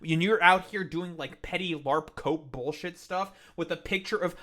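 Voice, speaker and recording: A man's voice: a little high, normal speed, a bit bright. A man ranting profanely on a live stream, mocking and heated.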